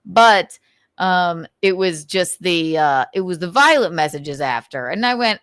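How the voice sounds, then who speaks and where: A woman's voice: fairly low pitch, expressive, a bit bright, no room sound, studio quality. A woman hosting a casual livestream, talking candidly with frequent swearing, laughter and restarts. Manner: candid and profane, laughs often; halting, with many restarts and fillers. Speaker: livestream host.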